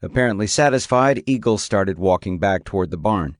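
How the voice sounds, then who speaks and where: A man narrating an audiobook in a measured, even reading voice. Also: fairly low pitch, no echo, clean studio sound.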